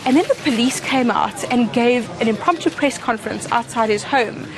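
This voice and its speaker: A woman giving a reflective interview, measured and restarting phrases. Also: fairly high pitch, crowd noise.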